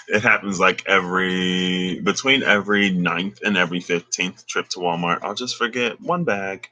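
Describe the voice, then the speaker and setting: A man casually recounting a dream, relaxed and slangy, chuckling now and then. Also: low-pitched, normal speed. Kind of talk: casual storytelling.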